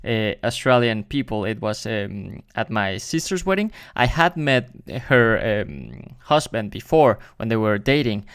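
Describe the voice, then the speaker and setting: A man's voice: lowish voice, sing-song, unhurried, hardly any pauses, fairly bright tone, smooth, no echo, studio quality. Hesitant man. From Mexico. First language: Spanish. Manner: hesitant, many fillers. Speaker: reaction channel host. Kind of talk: casual reaction commentary.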